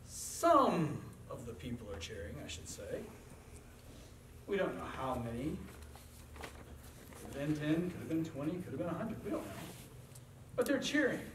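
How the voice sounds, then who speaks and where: A man's voice: on the high side, very animated, normal speed, long pauses, background noise. A male pastor preaching a sermon in a church sanctuary, talking in an earnest, conversational way. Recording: echoey church from far off.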